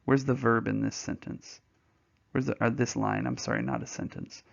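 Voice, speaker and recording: A man teaching a poetry lesson, telling a story in an animated way and acting out voices and sounds along the way. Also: mid-range voice, normal speed, gravelly, muffled recording.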